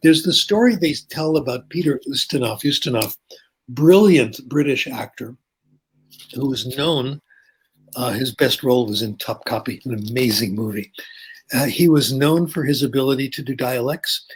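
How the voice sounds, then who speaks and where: Husky older man explaining, unhurried. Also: medium pitch. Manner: reflective, anecdotal, often checks in with "okay?". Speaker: linguistics professor as interview guest. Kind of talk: explanatory interview talk.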